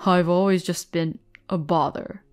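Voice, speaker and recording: A woman's voice: fairly low pitch, steady tone, unhurried, a little mellow, lightly acted. A woman voicing a resentful adult man, a thieving older brother, in a narrated story, over faint music. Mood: defensive. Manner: defensive, bitter.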